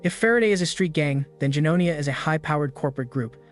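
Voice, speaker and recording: A man narrating a fantasy story in first person, in a steady scripted recap style. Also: fairly high pitch, quick pace. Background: background music.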